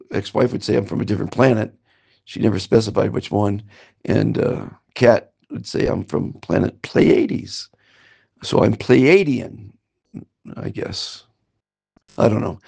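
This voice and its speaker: A man's voice: on the low side, unhurried, creaky, mellow, husky. An older man from Southern California telling his life story in a meandering, self-promoting monologue with wry asides. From Southern California, United States. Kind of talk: rambling personal monologue. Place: currently in Antigua.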